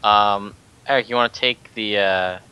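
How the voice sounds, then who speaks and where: A man's voice: fairly low pitch, fairly even intonation, unhurried, sharp tone, slight background noise, rough recording. A man hosting a podcast, easygoing as he hands turns to the guests. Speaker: podcast host. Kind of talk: casual podcast chat.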